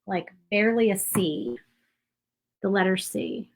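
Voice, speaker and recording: A woman hosting a casual painting tutorial. She is chatty and rambles, thinking out loud with fillers and little asides. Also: medium pitch, unhurried, poor audio. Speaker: craft channel host.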